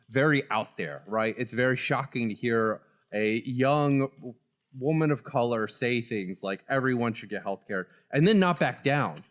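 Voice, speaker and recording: A man's voice: mid-range voice, fairly bright tone. A man co-hosting a casual political podcast, talking animatedly and laughing often. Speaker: podcast co-host.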